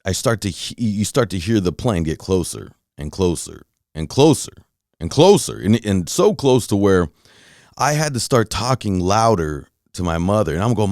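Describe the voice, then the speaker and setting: A deep-voiced man tells a story in a loose, animated podcast rant, swearing freely and acting out his own shouts and reactions. His voice is low and heavy. The recording is dry and close, with no room sound. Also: normal speed, dry recording. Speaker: podcast host. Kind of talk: casual monologue storytelling.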